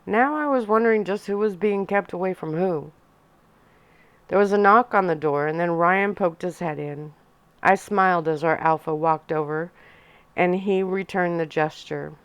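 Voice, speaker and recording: A woman reading a young adult novel aloud in a soft-spoken ASMR storytelling style, narrating in first person. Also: lowish voice, a little slow, smooth, no room sound. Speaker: audiobook reader.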